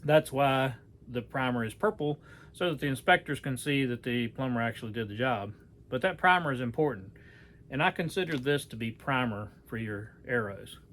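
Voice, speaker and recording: A man's voice: medium pitch, expressive, normal speed, a bit bright, slight background noise. A man giving a casual hands-on demonstration, talking in a folksy, rambling way with many fillers and self-corrections. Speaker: archery how-to presenter.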